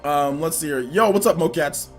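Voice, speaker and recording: A man's voice: a little high, normal speed, faint music behind. A man hosting a casual gaming livestream, chatting loosely and reading viewer donations. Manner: relaxed, chatty, many fillers. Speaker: livestream host.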